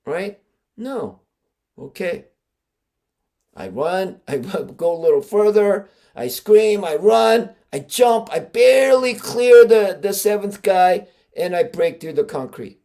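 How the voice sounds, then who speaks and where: A man, a martial arts grandmaster hosting a podcast, tells stories in a casual, animated way, stressing key words and often restarting with fillers. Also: high voice, takes it slowly. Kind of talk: casual storytelling.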